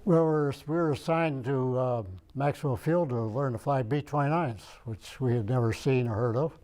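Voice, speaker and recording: Old guy from michigan remembering stuff out loud, warm dark voice, wanders a bit. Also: mid-range voice, normal speed. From Michigan, United States. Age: older. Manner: rambling, searches his memory aloud. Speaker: veteran interviewee. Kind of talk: oral history interview.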